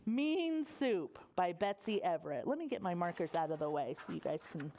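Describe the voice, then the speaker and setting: A young woman, a children's librarian, reading a picture book aloud to preschoolers in an animated sing-song voice and asking them questions. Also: fairly low pitch, normal speed, a little hiss or hum.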